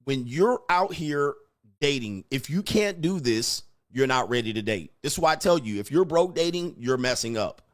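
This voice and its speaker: A man's voice: medium pitch, expressive, moderate pace. A man lecturing on dating in a blunt, emphatic way, swearing and acting out quoted exchanges. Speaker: dating advice host. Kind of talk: lecturing monologue.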